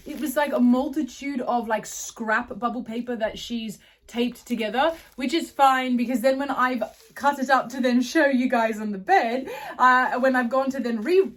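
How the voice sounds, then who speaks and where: A woman's voice: sits high, fairly bright tone. Chatty woman vlogging at home. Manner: rambling, chatty, self-correcting. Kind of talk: casual chat to camera. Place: at home, indoors. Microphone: phone camera.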